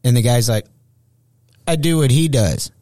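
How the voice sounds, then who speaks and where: A man's voice: medium pitch, normal speed, no room sound, studio quality. A middle-aged man, a stand-up comedian, telling stories in a casual podcast chat, swearing often and acting out what people said. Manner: profane, animated storyteller acting out quotes.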